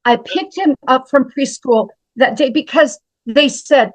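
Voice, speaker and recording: Unhurried yet hardly pausing, a woman with a high-sitting voice, a health practitioner in her seventies from Montana, shares her story with an interviewer. She's dramatic and emphatic and keeps calling the host by name, on a rough recording with no echo.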